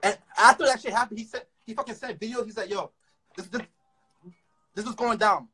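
A young man with a Toronto accent, ranting through a story fast and profanely, with frequent stammered restarts. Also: high voice, pushed and bright, husky, rough recording. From Canada. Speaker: rapper. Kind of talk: casual storytelling rant.

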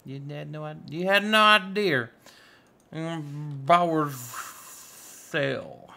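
A man's voice: on the high side, extremely slow, gravelly, sharp tone. A man hosting a casual let's-play, narrating his moves in a playful, goofy, self-mocking way. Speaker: gaming channel host.

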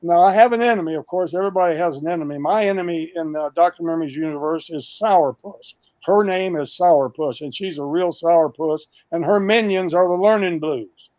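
An older man talks eagerly and emphatically, stacking up lists and restarting his sentences as he pitches. His voice sits a little high for a man and sounds close and dry. He is heard over a video call. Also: a little fast, no room sound. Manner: animated, emphatic listing, restarts. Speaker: guest. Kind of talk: enthusiastic pitch of a project.

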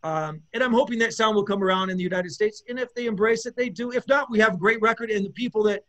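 A man, a bass player, chatting as an interview guest in a rambling, enthusiastic way with many fillers and restarts. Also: quick pace, a bit bright. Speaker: guest musician, bassist. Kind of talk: casual interview chat.

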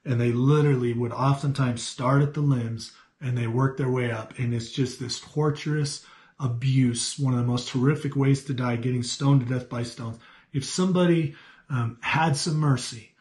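A middle-aged man leads a youth Sunday school lesson, reading scripture aloud and then explaining it. He talks in an earnest, conversational way, full of restarts and fillers, in a voice of ordinary pitch. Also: darkish tone. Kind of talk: Bible lesson to teens.

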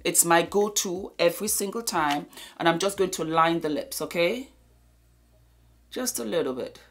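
A woman's voice: on the low side, normal speed, fairly bright tone. A woman beauty vlogger talking through a makeup tutorial, gushing and affectionate with viewers, sometimes dropping to a murmur as she works. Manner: drops to a murmur while applying makeup.

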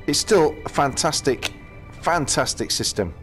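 Lively-voiced British man commenting on gameplay. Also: on the high side, a little slow, soft background music. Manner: chatty, talks to himself while playing, exclamations. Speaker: gaming channel host.

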